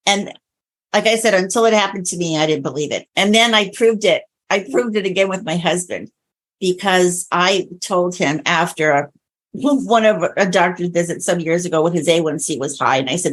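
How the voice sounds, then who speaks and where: Speaking at a normal speed in a lowish voice, a female guest in a conversational interview talks about coaching clients on diabetes-friendly meals. She's a chatty storyteller who animatedly retells events.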